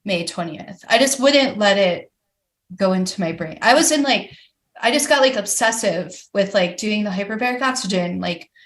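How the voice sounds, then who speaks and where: A woman's voice: medium pitch, lively intonation, moderate pace. A woman guest on a podcast, telling her story candidly and animatedly, with many "like" fillers. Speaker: guest, professional climber. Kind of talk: casual podcast interview.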